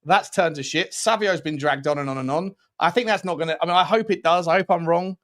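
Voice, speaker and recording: A man's voice: a little high, fast, fairly bright tone. A man hosting a casual live-stream football chat, joking and reading out viewer messages. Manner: chatty, jokey, reads out viewer messages. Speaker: podcast host.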